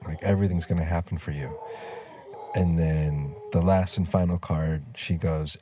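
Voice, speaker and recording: A man's voice: sits low, steady tone, moderate pace, mellow. A middle-aged man telling a personal story outdoors in a loose, rambling way, full of fillers and side tracks. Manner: rambling, loses his train of thought, many fillers. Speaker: storyteller vlogger. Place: outdoors near trees.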